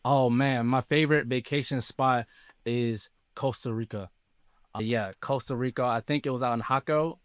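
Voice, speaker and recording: Brief: easygoing man, smooth clear voice, dry close recording. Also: medium pitch, fairly even intonation, moderate pace, dry recording. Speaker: podcast guest. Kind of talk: casual interview chat.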